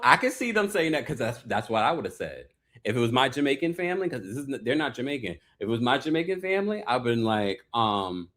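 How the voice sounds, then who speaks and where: A man's voice: medium pitch, big pitch swings, brisk, fairly bright tone. A man hosting a reality TV recap, chatting playfully with sassy asides and reading out viewer super chats. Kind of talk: casual chat.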